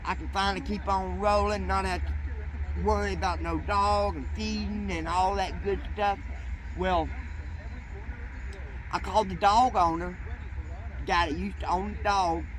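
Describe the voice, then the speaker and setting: A man's voice: high voice, steady tone, a little slow, long pauses. A man telling a rambling story in folksy, profane, colloquial speech, as a train-hopping vlogger. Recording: noisy outdoor street recording.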